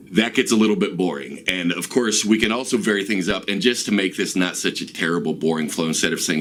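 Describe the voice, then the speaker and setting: A man explains rap rhythm in a relaxed, casual lesson, often pausing with ums and uhs. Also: low-pitched. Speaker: rap teacher and host. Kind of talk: casual instructional talk.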